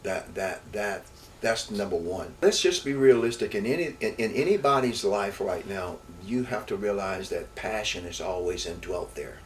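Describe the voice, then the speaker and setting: An older man, a former baseball player, telling stories from his life in an interview. He talks in a rambling way, repeating words and restarting, and grows lively as he recalls events. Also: on the low side, moderate pace. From Houston, Texas. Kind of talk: reminiscing storytelling in an interview. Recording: distant mic with faint background noise.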